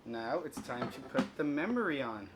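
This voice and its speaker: A man's voice: medium pitch, very animated, normal speed. A man in his thirties, a father patiently explaining and encouraging a small child step by step in a casual home video. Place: home, indoors. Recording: loud background noise.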